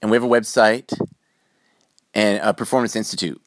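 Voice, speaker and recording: A man's voice: lowish voice, steady tone, normal speed. A man who is a guest on a casual interview, telling stories in an earnest, rambling way and acting out the people he quotes. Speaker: podcast guest, military veteran.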